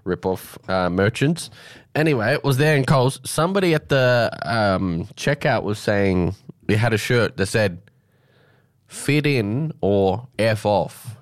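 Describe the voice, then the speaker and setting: A man's voice: fairly low pitch, no room sound, studio quality. A man hosting casual community radio, rambling and teasing his co-host. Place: radio studio.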